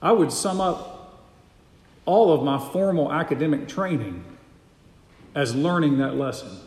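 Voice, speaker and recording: A man's voice: a little high, lively intonation, measured pace, darkish tone. Emphatic male preacher in an echoey hall. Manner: emphatic, repeats key phrases. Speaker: pastor. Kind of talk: sermon.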